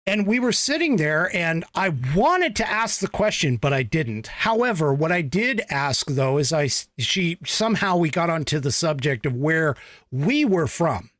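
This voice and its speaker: A man's voice: on the high side, big pitch swings, normal speed, a bit bright, dry recording, studio quality. A man from the United States hosting a podcast, giving a blunt, emphatic political commentary monologue with profanity. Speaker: podcast host.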